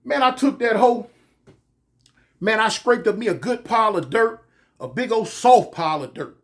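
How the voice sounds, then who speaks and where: A man casually telling a comic story from his own life, animated and full of street slang. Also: sits high. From California. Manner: animated, slangy, drawn-out pauses.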